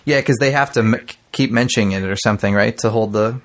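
Relaxed joking male podcast host. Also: on the low side, fast. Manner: relaxed, jokey banter. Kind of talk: casual chat.

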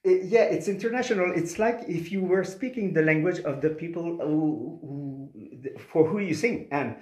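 A man's voice: on the high side, darkish tone, roomy sound. A man with a Québécois French accent, a native French speaker and opera singer, speaking in an interview with many hesitant restarts. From Quebec. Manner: halting, many restarts and fillers. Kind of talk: interview conversation.

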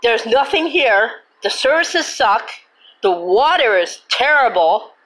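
Woman host, higher voice, indignant rant with repeated complaints and the odd cuss word. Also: big pitch swings, slow, fairly bright tone, low-quality recording. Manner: indignant, cusses and then apologizes; repetitive, emphatic complaining. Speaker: host of her own show. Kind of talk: angry rant.

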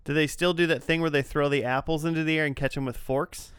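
A man's voice: on the high side, fairly even intonation, fast, fairly bright tone, clean tone, no echo, clean studio sound. A man co-hosting a casual podcast chat, telling rambling stories with playful exaggeration. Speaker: podcast co-host.

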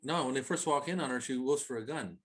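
A man co-hosting a casual podcast, excitedly recapping a film with lots of swearing and laughter. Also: mid-range voice, quick pace. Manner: excited, profane, laughing storyteller. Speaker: podcast co-host. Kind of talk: casual movie recap chat.

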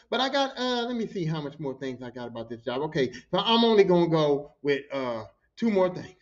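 A man hosting his own podcast with a high-pitched voice. He tells long, profane work stories in a casual monologue, slipping into other people's voices as he goes. The sound is dull and lo-fi. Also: fairly quick. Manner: profane, animated, acts out quotes. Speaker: podcast host.

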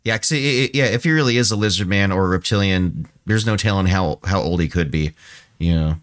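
A deep-voiced man from around San Diego co-hosts a podcast, talking briskly in a laid-back, casual chat. He swears freely and fills his speech with ums and restarts.

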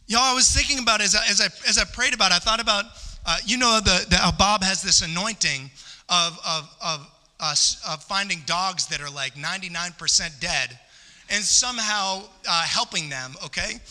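A man's voice: sits high, normal speed, pushed and bright. Guy preaching a sermon, fired up and repeating himself for emphasis, voice ringing around a big church. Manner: impassioned, rising to emphatic peaks and repeating phrases. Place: church sanctuary. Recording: long church hall reverb.

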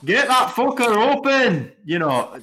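A man imitating a rowdy Scottish man with a Scottish accent, shouting demands in a betting shop. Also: extremely high pitch, sing-song, a little slow, voice pushed up, exaggerated voice. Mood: rowdy, demanding.

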